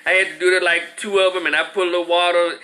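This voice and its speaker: A man in his forties telling a story as a profane, animated rant, acting out other people's voices. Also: high voice, quick pace. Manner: animated, acts out voices, swears freely. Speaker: commentator.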